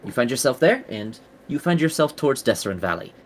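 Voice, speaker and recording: A man's voice: medium pitch, big pitch swings, fairly quick, slight background noise, lightly acted. A man voicing a friendly woman tavern keeper who chats and rambles politely. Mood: chatty.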